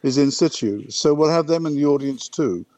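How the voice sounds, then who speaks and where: A man's voice: a little high, normal speed, darkish tone, dry recording. A man talking with a radio host, explaining an upcoming event, fluent with a few restarts. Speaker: event organiser, guest. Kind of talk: casual radio interview chat.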